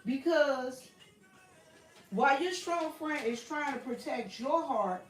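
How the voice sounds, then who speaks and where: A woman's voice: sits high, lively intonation, takes it slowly, reverberant, distant mic, faint music behind, low-quality recording. Southern woman chatting to viewers, off-mic. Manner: heartfelt, repetitive, addresses viewers as y'all. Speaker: YouTube livestream host. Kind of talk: casual livestream chat to viewers. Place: home workshop with a printer running.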